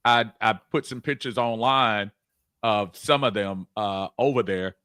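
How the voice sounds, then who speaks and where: A man's voice: fairly low pitch, measured pace, fairly bright tone, clear, resonant tone, no echo, studio quality. A man co-hosting a casual sports talk show, rambling with many restarts and laughing easily. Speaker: co-host.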